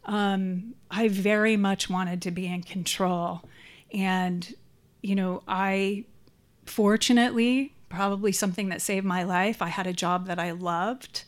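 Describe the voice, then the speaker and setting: Middle-aged woman, recovery meeting share, hesitant and candid, level monotone delivery. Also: mid-range voice, a little slow. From San Francisco Bay Area. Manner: hesitant, frequent ums, candid and reflective. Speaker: support group speaker. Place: meeting room.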